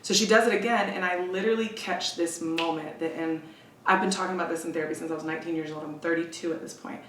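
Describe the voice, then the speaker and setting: A woman's voice: fairly even intonation, fairly bright tone, distant mic. A woman in her thirties recounts a painful memory with candid intensity, dropping her voice whenever she quotes someone else. She sits a little back from the mic in a roomy, echoing space. A faint hiss runs underneath. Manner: emotional, intense, quick asides, quotes others in a lowered voice. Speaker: podcast guest. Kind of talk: candid conversational storytelling.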